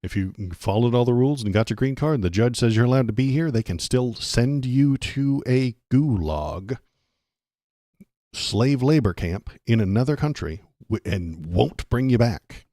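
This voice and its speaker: A man's voice: mid-range voice, expressive, moderate pace, dark tone, no echo, clean studio sound. A man from Texas hosting a casual political livestream, rambling and sarcastic, restarting his sentences often.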